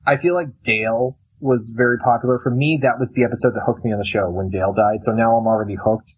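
A man co-hosting a casual podcast chat, telling animated stories and acting out what his wife says. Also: medium pitch, fast talker, slightly rough, rough recording. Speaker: podcast co-host.

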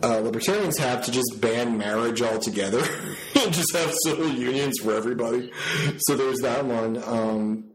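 A man hosting a podcast, slightly hoarse, telling stories in casual chat and laughing easily. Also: medium pitch, normal speed, a little hiss or hum, low-quality recording. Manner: chatty, storytelling, laughs easily. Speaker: podcast host.

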